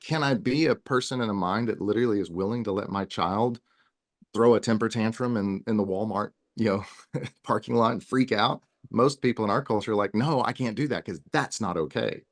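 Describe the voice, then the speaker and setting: A man's voice: on the low side, brisk. A man speaking as a guest in a casual podcast interview, earnest and rambling, with frequent restarts. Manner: earnest, talks in long runs with many restarts. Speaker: wellness guest.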